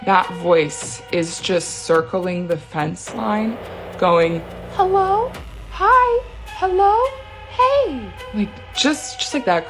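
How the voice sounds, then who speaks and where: A woman with a lowish, gravelly voice tells a true scary story from her own life. She's casual and chatty, filling gaps with "um"s and letting out the occasional nervous laugh.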